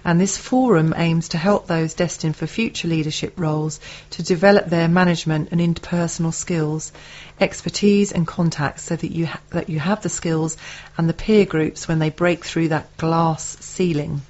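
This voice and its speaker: A woman's voice: low-pitched, fairly even intonation, normal speed, darkish tone, highs cut off. A woman co-hosting a local radio show, reading event announcements and teasing her co-host.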